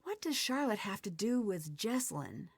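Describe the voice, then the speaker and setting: A woman's voice: mid-range voice, very animated, moderate pace, breathy edge, dry recording. A woman voicing a curious, polite young female detective in a video game, asking earnest questions. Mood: inquisitive.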